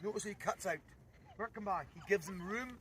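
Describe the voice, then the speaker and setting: A man's voice: sits high, normal speed, a bit bright, recorded from a distance, slight background noise, rough recording. A Scottish man working as a shepherd, explaining his sheepdog work in plain, simple words between short repeated commands to the dogs. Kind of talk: outdoor sheepdog demonstration. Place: open farm field outdoors.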